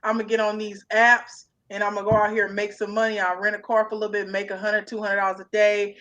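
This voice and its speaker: A young adult woman co-hosting a casual chat, animated and stretching words out for emphasis. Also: mid-range voice, dull audio. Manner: animated, drawn-out emphatic hustle talk. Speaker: podcast co-host.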